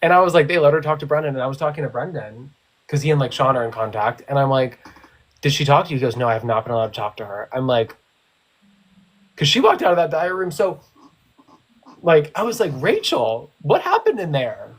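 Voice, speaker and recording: A young man talks on a livestream video call, telling stories in an animated way and acting out what others said. His voice sits a bit high for a man. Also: a little fast. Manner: animated storyteller, teasing, acts out quotes. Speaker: livestream co-host, former reality show contestant. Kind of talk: casual group chat on a livestream.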